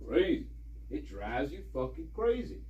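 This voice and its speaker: A man's voice: on the high side, sing-song, measured pace, mellow, husky, highs cut off, heavily acted. A man playing an exasperated, foul-mouthed male spirit guide in the afterlife, ranting and stammering through an improvised comic monologue. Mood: rambling.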